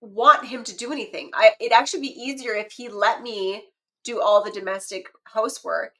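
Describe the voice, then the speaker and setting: A woman around forty, a podcast guest who tells lively stories in casual conversation and laughs often. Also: a little high, moderate pace, poor audio. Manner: animated storyteller, laughs often.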